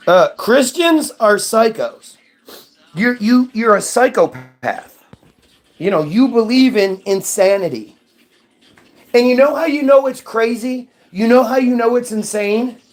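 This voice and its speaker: A man in a casual ranting monologue, mocking and profane, answering chat. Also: high voice.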